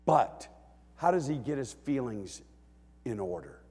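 Slow-preaching man in an echoing hall. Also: medium pitch, very animated. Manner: swings from quiet talk to loud bellowing preaching; acts out the psalm writer's cries. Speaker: pastor. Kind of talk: sermon.

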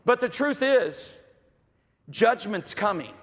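A man's voice: high-pitched, sing-song, slow pace, a bit bright, long reverb tail. A man preaching a sermon, reading scripture aloud and acting out the voices he quotes with fervor.

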